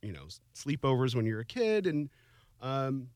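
A man in his forties shares a personal story in casual chat, softly and haltingly, with emotion close to the surface. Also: medium pitch, big pitch swings, dry recording. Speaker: guest.

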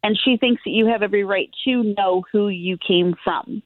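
A woman's voice: medium pitch, normal speed, dry recording, phone-quality sound. A woman giving a psychic reading on a podcast, chatty and self-deprecating, laughing often. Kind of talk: casual podcast chat and reading.

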